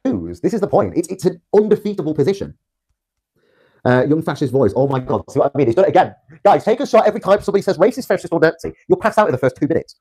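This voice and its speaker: A man's voice: on the high side, very animated, rapid-fire, darkish tone, husky. A young man from Britain on a livestream, ranting defiantly with rambling restarts. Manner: rambling, repetitive, stumbling restarts.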